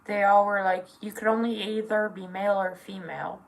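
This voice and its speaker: A young adult with a feminine voice speaking in an earnest, halting way, full of fillers and close to tears at times. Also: female voice, medium pitch, fairly even intonation, gravelly, low-quality recording. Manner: emotional, near tears at times. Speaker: vlogger. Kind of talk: personal confessional vlog.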